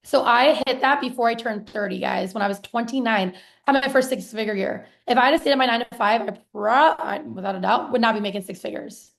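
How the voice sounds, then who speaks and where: Woman in her thirties, live-stream business coach, excited and chatty, slightly high voice, gravelly fry, casual swearing. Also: a little fast. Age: 30s. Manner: excited, chatty, swears casually, reads viewer comments aloud. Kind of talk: live-streamed sales pitch to viewers.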